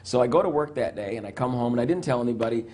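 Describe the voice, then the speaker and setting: A middle-aged man, a psychiatrist, telling a personal story in an interview, animated and stumbling over restarts, acting out the lines he quotes. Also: medium pitch, racing, slight background noise. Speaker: psychiatrist guest.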